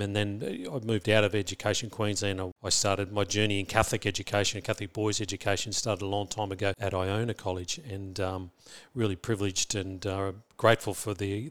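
Australian man, middle-aged, lowish voice, reflective interview talk, halting restarts. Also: fairly bright tone, smooth. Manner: thoughtful, many restarts and repeats. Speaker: school principal.

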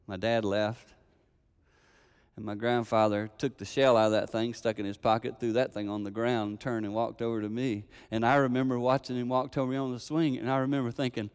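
Older male preacher, gravelly voice, animated storyteller, live hall reverb. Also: fairly low pitch, fairly quick. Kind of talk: sermon storytelling.

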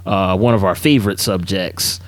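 A man co-hosting a podcast in casual chat, relaxed and slangy with many fillers. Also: low voice, moderate pace, slight background noise. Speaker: podcast co-host.

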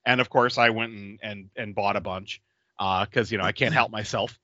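A man co-hosting a casual podcast, telling stories in an animated way with frequent giggles. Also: lowish voice, normal speed, no room sound. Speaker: podcast co-host. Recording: dull lo-fi podcast mic.

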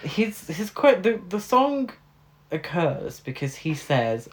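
A man's voice: high voice, sing-song, slow pace, slight background noise. A man co-hosting a podcast, recapping a film in a wry, joking way with frequent fillers. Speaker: podcast co-host. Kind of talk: casual film recap chat.

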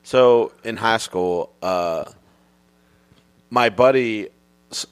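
A man's voice: on the low side, extremely slow, clean tone. A man appearing as a guest on a casual podcast, dry and teasing as he tells a party story.

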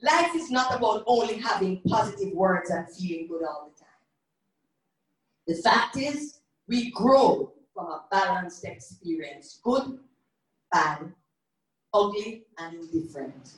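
A woman's voice: mid-range voice, expressive, a little slow, recorded from a distance. A woman preacher delivers a sermon full of personal stories. She speaks with emphasis and acts out the dialogue in her anecdotes. Her voice rings through a very echoey hall, picked up from some way off the mic.

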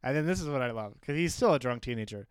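A male co-host chats about a book in an animated, jokey way and laughs often. His voice is smooth and clear. The sound is dry and close. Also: medium pitch, fast, dry recording. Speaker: podcast co-host. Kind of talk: casual book discussion.

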